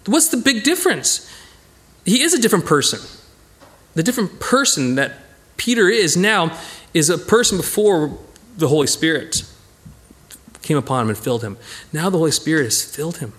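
Animated high-voiced male Bible teacher. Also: normal speed, pauses often. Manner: animated, emphatic, talks to listeners as "guys". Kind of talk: informal Bible study teaching.

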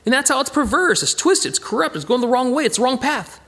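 Very high-voiced and quick, this man runs an informal Bible study as a slide presentation. His delivery is conversational, animated and emphatic, with frequent restarts.

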